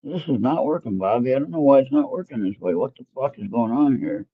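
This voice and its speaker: A man's voice: mid-range voice, animated, fairly quick, breathy edge, dry recording, phone-quality sound. A man hosting a casual tarot reading show, rambling and talking to himself as he fumbles with his phone. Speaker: tarot reader hosting an internet radio show. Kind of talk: casual live spiritual reading and chat.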